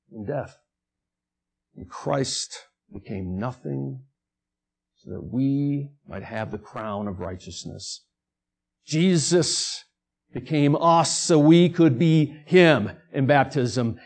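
A man preaching a sermon as pastor in a conversational way, mixing self-deprecating humor with passages he drops to hushed, quiet tones. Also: medium pitch.

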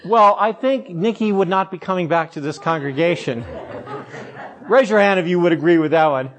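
A male pastor preaches in an easygoing, storytelling way, weaving in self-deprecating humor. His voice sits somewhat high for a man and he talks to the congregation as if chatting. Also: moderate pace. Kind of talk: sermon.

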